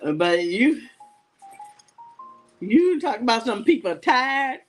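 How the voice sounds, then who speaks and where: A woman's voice: on the high side, sing-song, slow pace, soft background music. A woman hosting a live jewelry sales show, chatting and laughing as she tells stories between items. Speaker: live shopping show host.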